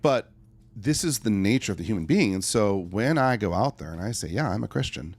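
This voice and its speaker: This podcast guest, a middle-aged life coach, has a fairly low, expressive voice with a darkish tone and talks a little fast. He answers the interviewer earnestly in a conversational way, telling stories and acting out asides.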